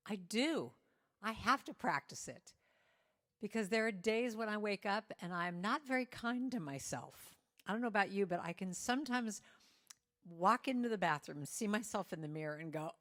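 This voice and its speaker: A woman's voice: medium pitch, a little fast. A middle-aged woman giving an inspirational talk, playful and inviting the listeners to join in. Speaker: guest speaker. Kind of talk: inspirational sermon.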